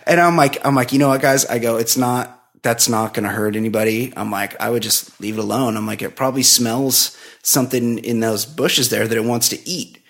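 A middle-aged man tells a neighborhood story on a podcast in a loose, rambling way, with filler "likes" and little laughs. His pitch sits right in the middle of the range for a man. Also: normal speed, hardly any pauses, a bit bright. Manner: rambling anecdote full of "like", laughs often. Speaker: podcast co-host. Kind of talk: casual storytelling chat.

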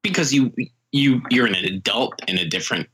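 A man's voice: mid-range voice, expressive, fairly quick, pushed and bright, breathy edge, poor audio. A man co-hosting a casual comedy podcast, blunt and profane in his remarks. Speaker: podcast co-host.

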